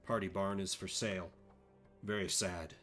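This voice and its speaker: A man's voice: low voice, fairly even intonation, normal speed, a bit bright, soft background music. A man streaming a game, making wry, dry asides as he reads the game text aloud in casual commentary.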